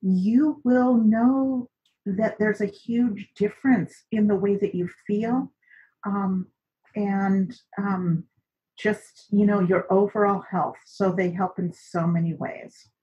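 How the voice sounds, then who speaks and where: A woman's voice: mid-range voice, fairly even intonation, takes it slowly, dark tone. A woman teaching an online cooking and seaweed class in a chatty way, with many fillers. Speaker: instructor. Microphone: recorded on camera for an online class. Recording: dull lo-fi recording.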